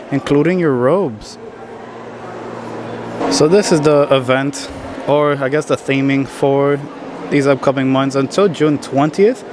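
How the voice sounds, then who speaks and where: A man filming a casual vlog as he tours a film studio, chatty and excited. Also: on the high side, background noise. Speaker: vlogger. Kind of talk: casual vlog tour commentary. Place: studio tour, in and out of doors.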